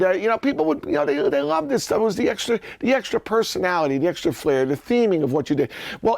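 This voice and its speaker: A man hosting a casual vlog, telling animated, enthusiastic stories about his collection. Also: fairly high pitch, dry recording. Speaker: host. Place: indoors, in his collection rooms.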